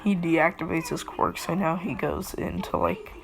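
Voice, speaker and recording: A woman's voice: lowish voice, steady tone, normal speed, creaky. A young woman casually narrating a fan story, rambling and briefly acting out characters' lines.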